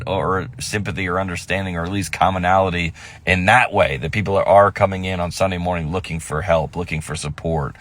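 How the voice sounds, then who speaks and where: Deep-voiced comedian rambling through a story. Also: male voice, a bit bright, no room sound. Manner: rambling, self-interrupting, with quick asides.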